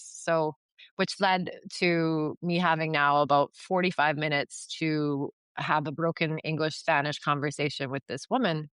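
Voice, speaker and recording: A woman's voice: deep voice, fairly even intonation, a little slow, a bit bright, clear, resonant tone, no room sound. A woman from Canada, a guest on a podcast, telling a story in a casual, chatty way with lots of fillers and acted-out dialogue. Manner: chatty, filler-heavy, acts out quoted dialogue. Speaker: podcast guest, yoga retreat founder.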